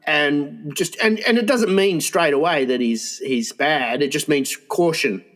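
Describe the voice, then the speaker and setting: A man's voice: a little high, measured pace, a bit bright. A man co-hosting a crude comedy podcast, rambling through made-up caveman stories with many restarts. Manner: rambling, acts out caveman scenes with restarts and laughter. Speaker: podcast co-host.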